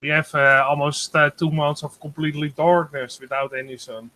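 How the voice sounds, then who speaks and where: A man on a group video call, talking about the weather at his home, hesitant and full of pauses. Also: on the high side, flat delivery, bright, forceful tone. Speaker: guest giving a weather report. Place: home in Germany.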